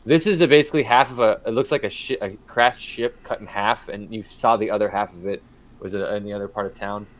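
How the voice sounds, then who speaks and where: A man's voice: lowish voice, quick pace, rough recording. A man narrating as game master in a tabletop game, loose and rambling, with many fillers.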